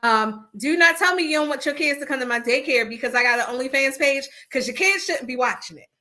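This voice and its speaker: A woman with a rather high, bright voice hosts a casual podcast over an internet call. She tells stories with animation and slips into other people's voices when she quotes them. Her tone stays bright and forward throughout. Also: quick pace, faint music behind. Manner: animated storyteller who acts out quotes. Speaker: podcast host. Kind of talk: casual chat. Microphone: remote call over the internet.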